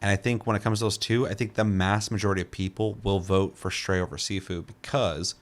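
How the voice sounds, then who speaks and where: A man's voice: deep voice, fairly even intonation, fairly quick. A young man co-hosting a casual podcast, talking loosely with restarts and casual swearing. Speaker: co-host.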